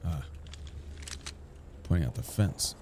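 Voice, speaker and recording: A man streaming a video game, giving casual running commentary with quick reactions. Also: low voice, animated, noisy background. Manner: casual, talks to himself while playing, quick reactions. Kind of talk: live gameplay commentary. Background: game music and sounds.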